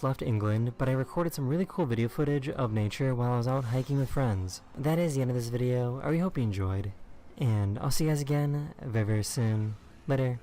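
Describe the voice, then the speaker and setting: A man giving scripted narration over a video, recapping one short clip after another in a matter-of-fact tone. His voice sits at an ordinary middle pitch. Steady background noise runs under the recording. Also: brisk.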